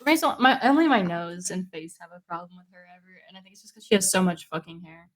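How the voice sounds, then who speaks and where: A young woman co-hosting a podcast in casual chat, teasing and fidgety in quick back-and-forth. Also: fairly low pitch, expressive. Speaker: podcast co-host.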